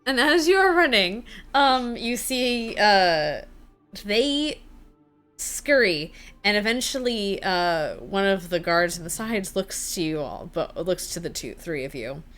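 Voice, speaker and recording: A woman's voice: medium pitch, expressive, slow, fairly bright tone, faint music behind. A young woman narrating a tabletop game as game master, casual, with many fillers and light laughs.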